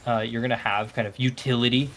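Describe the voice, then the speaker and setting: A man giving relaxed, analytical commentary on a live esports match, thinking aloud with frequent fillers and restarts. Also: medium pitch, fast talker. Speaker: esports caster. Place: broadcast booth.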